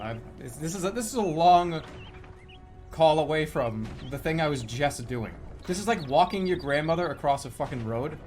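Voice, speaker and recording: Profane, ranting male streamer. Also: medium pitch. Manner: profane, excitable ranting with loud outbursts. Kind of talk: live-streamed gameplay commentary.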